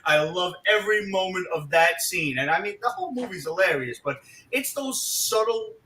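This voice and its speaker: Bright, animated man in an echoey room. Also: sits high, moderate pace. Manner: excitable, laughs hard, swears a lot. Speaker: panelist. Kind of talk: casual panel chat.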